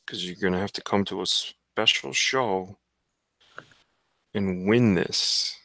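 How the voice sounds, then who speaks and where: Man, stream host, deep easygoing voice, dry close mic. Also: slow, sharp tone, no room sound. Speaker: artist hosting a live drawing stream. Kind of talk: casual livestream chat.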